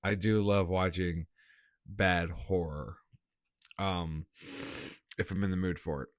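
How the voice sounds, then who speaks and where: A man's voice: low voice, fairly even intonation, slow pace, no room sound. A man giving a casual, blunt movie review, laughing often and swearing.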